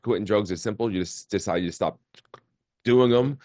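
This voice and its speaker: A man's voice: lowish voice, moderate pace, a little mellow, dry recording, clean studio sound. A man in his forties, a podcast guest, telling his life story in a casual, candid way and often repeating words. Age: 40s. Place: remote call.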